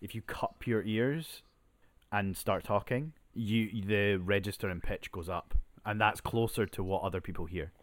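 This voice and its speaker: A man co-hosting a podcast in casual chat, hesitant and quick to agree, laughing often. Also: on the low side. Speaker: podcast co-host.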